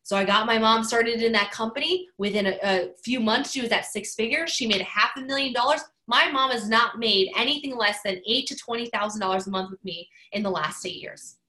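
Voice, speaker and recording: Bright, forceful woman motivational speaker. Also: on the high side, fairly quick, few pauses, rough recording. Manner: emphatic, repeats key phrases. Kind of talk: motivational stage talk.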